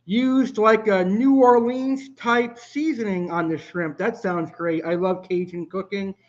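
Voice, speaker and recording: A man's voice: high-pitched, fairly even intonation, unhurried, lo-fi sound. A man hosting a live cooking stream, chatting casually and answering viewer comments. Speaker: live cooking show host.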